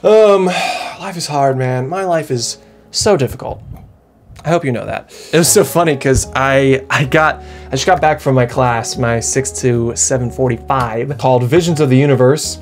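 A young man vlogging to camera in a loose, rambling way, poking fun at himself as he goes. His pitch sits mid-range for a man. Soft music plays faintly underneath. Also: moderate pace. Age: young adult. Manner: rambling and self-mocking, with frequent laughs and restarts. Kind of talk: casual chat to camera.

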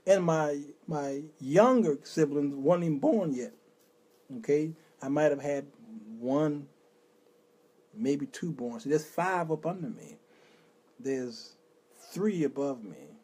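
A man's voice: fairly high pitch, slow pace, dark tone, slightly rough. A middle-aged man from Chicago's west side, hosting a show and telling an emotional personal testimony, now and then breaking into a few sung words. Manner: emotional storytelling with sung snippets. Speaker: host.

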